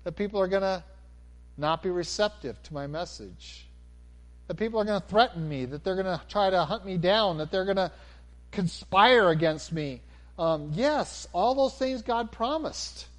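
A man preaching a sermon, animated, swinging from near-shouts down to a calm, low delivery. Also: normal speed.

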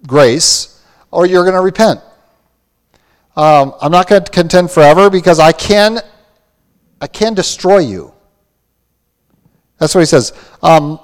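Guy preaching in a big echoey hall, high voice, earnest and pointed. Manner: earnest preaching, quoting scripture. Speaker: pastor. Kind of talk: sermon.

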